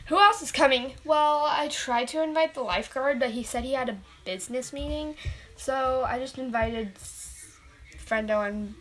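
Bright, animated woman, slow and playful, making up a pretend story. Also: on the high side. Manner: playful, dismissive "whatever" asides. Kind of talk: casual pretend play narration.

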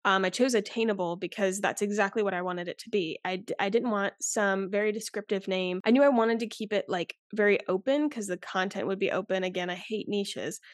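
A young woman in her twenties talks as a podcast guest in a loose, candid, rambling way, circling back and restarting her sentences. Her voice sits at a middle pitch. The sound is dry and close, with no room echo. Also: fairly quick, few pauses. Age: 20s. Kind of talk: casual interview chat.

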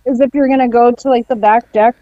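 A woman's voice: a little high, fairly even intonation, fast talker. A woman in her thirties from southeast Alaska, co-hosting a podcast in casual chat, blunt and full of "like" fillers. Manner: chatty, lots of "like" fillers, blunt. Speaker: podcast co-host. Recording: dull, dry, lo-fi sound.

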